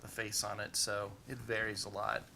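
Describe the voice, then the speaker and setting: A man's voice: fairly low pitch, flat delivery, moderate pace, pushed and bright, slight background noise. A man running a tabletop game as game master, narrating in a rambling way full of "you know" fillers.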